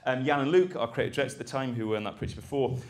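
A man's voice: medium pitch, racing. A man giving a conference talk, rambling and self-deprecating, with jokey asides. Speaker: conference speaker.

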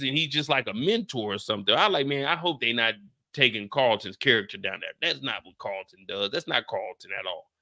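A young man from the Bay Area hosting a casual TV recap, talking in an animated, profane way. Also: mid-range voice, a little fast. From San Francisco Bay Area. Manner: animated, profane, acts out scenes with shouted put-on lines. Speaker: recap show host.

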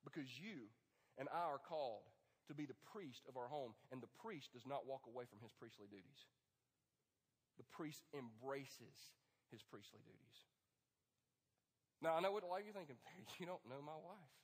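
A pastor preaching a lively, joking sermon to the men of his church, with sudden bursts of loud emphasis. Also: medium pitch, normal speed, long pauses, breathy edge. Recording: long hall reverb.

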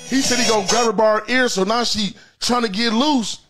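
A man hosting a crude call-in comedy livestream, loud and brash, teasing callers in a sing-song way. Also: extremely high pitch, brisk, over music. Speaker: livestream comedy host taking calls.

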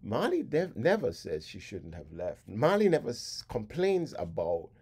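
A man giving a spoken lecture on song lyrics, in a deliberate, reflective way that sometimes drops to a hush. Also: mid-range voice, huge pitch swings, breathy edge.

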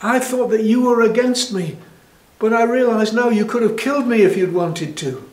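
A man's voice: sits high, moderate pace, echoey room, pitched above the performer's own voice, lightly acted. A man voicing Saul, a weary older king who sounds tired and pleading. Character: weary older male king, suspicious then humbled.

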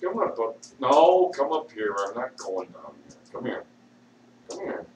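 Slow, echoey, swearing man ranting. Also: medium pitch, big pitch swings. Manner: erratic, swings between shouting and muttering; swears constantly. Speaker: vlogger. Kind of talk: rambling profane rant. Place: at home with a dog. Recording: echoey room, distant mic, faint hiss.

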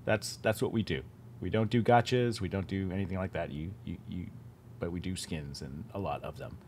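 A man's voice: sits low, steady tone, a little fast, a little mellow, a little hiss or hum. Streamer host, male, casual and loose, restarts and repeats mid-sentence. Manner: chatty, self-interrupting, repeats words. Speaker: game studio head hosting a stream. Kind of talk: casual live-stream chat.

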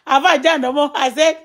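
A Yoruba-speaking Nigerian woman in her thirties chats casually on a live stream, her voice high and a touch bright. She laughs a lot and reads viewers' comments out loud, with a Nigerian accent.

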